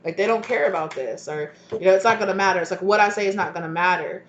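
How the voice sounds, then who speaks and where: A woman's voice: mid-range voice, fast talker, reverberant, dull audio, a little hiss or hum. A woman giving a casual tarot reading, chatty and loose, often trailing off and restarting her thoughts. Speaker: tarot reader.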